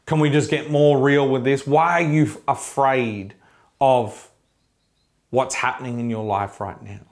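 A man's voice: mid-range voice, steady tone, a little slow. A male pastor preaching an online sermon with fervent, declaring encouragement and repeated questions for emphasis.

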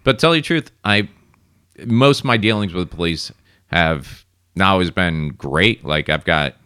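A man's voice: sits low, lively intonation, measured pace, sharp tone, clear, resonant tone, no room sound, studio quality. A man from South Florida, co-hosting a podcast, telling a rambling and profane story in casual chat. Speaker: podcast co-host.

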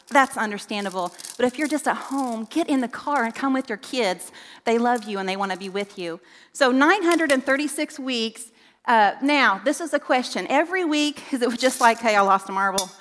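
A middle-aged woman speaks from a church stage mic, her voice a little high and ringing out with a long hall reverb. She preaches earnestly and with emphasis to parents, tossing questions to the children in the room. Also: fairly bright tone, a little hiss or hum. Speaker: children's ministry director. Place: church sanctuary.

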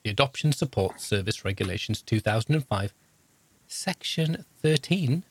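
A man's voice: medium pitch, animated, normal speed, husky, no room sound. A man in his fifties co-hosting a podcast, chatting casually in a jokey, rambling, self-deprecating way. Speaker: podcast co-host, social worker. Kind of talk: casual chat.

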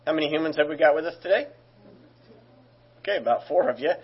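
A man's voice: on the high side, lively intonation, fast talker, slightly rough, lo-fi sound. A man preaching as a pastor, in a conversational way with joking asides. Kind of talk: sermon.

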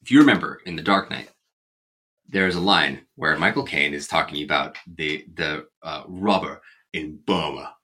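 A young man hosting a casual movie chat, playful and quick to laugh. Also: a bass voice, pushed and bright. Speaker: podcast host.

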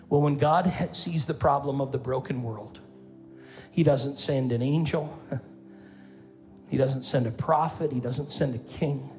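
A man preaching as a pastor in a playful, animated way, calling out to his congregation. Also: fairly high pitch. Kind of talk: sermon.

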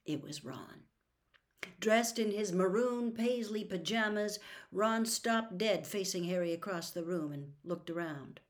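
A woman reading a novel aloud as a serialized storytime episode, softly, slipping into a whisper at tense moments. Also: medium pitch, lively intonation, unhurried. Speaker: audiobook reader.

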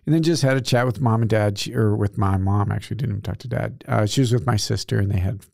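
Gravelly friar guy, mellow and easygoing, talking in a dry close room. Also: on the low side, fast, no echo. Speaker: friar, co-host. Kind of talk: casual chat.

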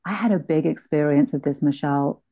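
Middle-aged female interview host, low and mellow, animated storyteller, dry close sound. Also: brisk, dry recording, dull audio. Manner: animated storyteller who laughs often and acts out quotes. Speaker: podcast host. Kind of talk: conversational interview.

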